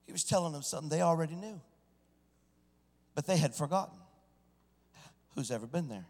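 A man preaching a sermon, swinging from hushed storytelling to loud, shouted exclamations. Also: fairly high pitch, lively intonation, fairly quick. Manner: preaching with sudden swells into shouting. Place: church. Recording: church sanctuary with long reverb.

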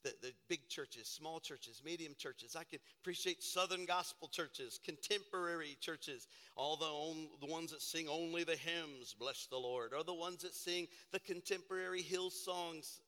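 A man preaching a sermon as pastor, hoarse from shouting, chatty at times and then building to emphatic preaching. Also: on the high side, moderate pace, hardly any pauses, long reverb tail.

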